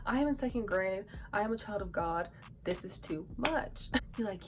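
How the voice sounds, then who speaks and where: A young woman vlogger telling a childhood story in a casual, animated way, acting out quotes and dropping into whispered asides. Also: medium pitch, moderate pace, background noise. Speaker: YouTuber.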